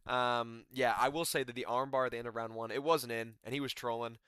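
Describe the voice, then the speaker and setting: Excitable young man, bright voice. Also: medium pitch, a little fast, clear, resonant tone, no echo, studio quality. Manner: animated, rambling, slangy. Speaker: MMA commentator. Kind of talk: casual fight recap.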